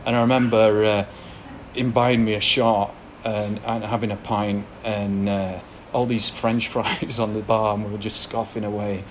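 A man with a fairly low, level voice and an English accent tells an audience his recovery story at a normal pace. The testimony is frank and self-deprecating, with blunt details broken up by the odd laugh, and a slight hiss or hum can be heard.

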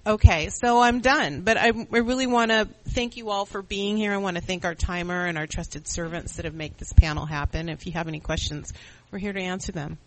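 Earnest, halting middle-aged panel speaker. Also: medium pitch, a little hiss or hum, poor audio. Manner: earnest and reflective, halting with restarts. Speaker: panel speaker at a recovery meeting. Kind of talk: personal recovery testimony.

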